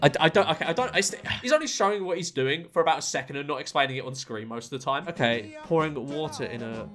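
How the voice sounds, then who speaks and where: A man with a fairly high, bouncy voice comments on clips in a casual, disbelieving way. He swings his pitch widely and often breaks into laughter between remarks. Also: lively intonation, quick pace, a bit bright, faint music behind. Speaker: reaction video host.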